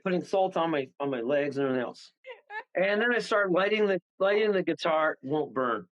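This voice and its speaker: A man telling a story as a guest medium on a radio talk show, animated and rambling, acting out the voices of the people in it. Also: a little high, fairly quick, dull audio. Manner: animated, rambling, acts out voices, chuckles often.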